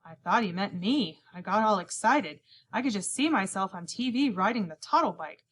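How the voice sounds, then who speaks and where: An expressive woman with a medium-pitched, slightly bright voice reads a children's novel aloud at normal speed. She is the audiobook narrator, telling the scripted story as a young boy in the first person while acting out every character's lines.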